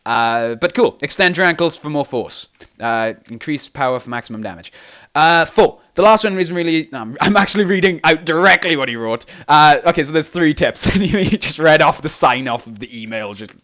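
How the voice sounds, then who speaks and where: A man's voice: a little high, expressive, normal speed, a bit bright. A young man hosting a casual game tutorial, rambling and self-deprecating, sounding tired. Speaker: video game tutorial host.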